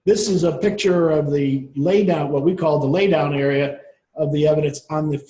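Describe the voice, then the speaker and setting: A man delivers a conference presentation in a loose, conversational way, often restarting his sentences. His voice sits a little high yet sounds mellow. The room around him is echoey. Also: moderate pace. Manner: conversational, with frequent restarts and fillers. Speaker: marine surveyor speaking at a workshop.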